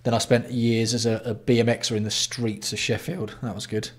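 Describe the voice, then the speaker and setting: An Englishman hosting a casual livestream, talking bluntly and swearing freely as he greets his viewers by name. His voice sits at an ordinary middle pitch for a man. He banters loosely with the chat between topics. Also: flat delivery, moderate pace. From England. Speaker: livestream host.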